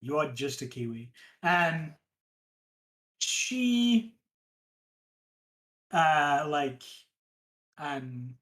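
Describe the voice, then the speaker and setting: A woman's voice: sits low, slow, a bit bright, poor audio. A woman narrating as game master in a tabletop game, hesitant and full of fillers.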